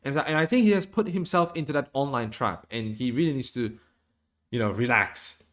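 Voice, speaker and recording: A man's voice: medium pitch, brisk, fairly bright tone. A man giving casual, rambling stream commentary, with many fillers and restarts.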